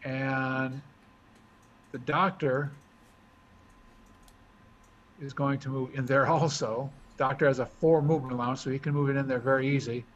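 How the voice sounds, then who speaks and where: A man talking through his moves as he explains a board game, thinking out loud in a casual way. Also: medium pitch, steady tone, moderate pace. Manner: chatty, thinks aloud while moving pieces. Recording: dull lo-fi recording with faint hiss.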